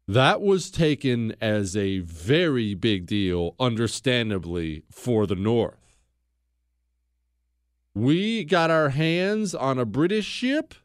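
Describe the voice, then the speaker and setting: A man's voice: mid-range voice, dry recording, clean studio sound. A man hosting a talk show, giving an emphatic, blunt history monologue and repeating phrases for stress.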